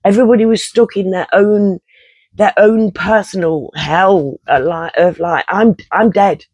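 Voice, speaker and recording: A man's voice: sits high, steady tone, a little slow, darkish tone, no room sound, poor audio. A man, telling a rambling personal story in casual vlog style, swearing and interrupting himself often. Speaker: vlogger.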